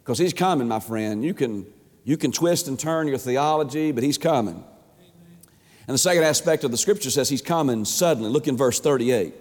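A man preaching an emphatic sermon as a pastor, stretching words and swinging his pitch up and down. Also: moderate pace, a little mellow. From Georgia, USA. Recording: long hall reverb.

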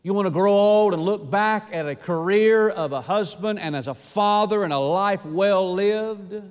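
High-voiced preacher man in a reverberant hall. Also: measured pace, smooth. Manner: dynamic preaching with sudden drops to a low hush. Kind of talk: sermon. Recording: echoey with long reverb.

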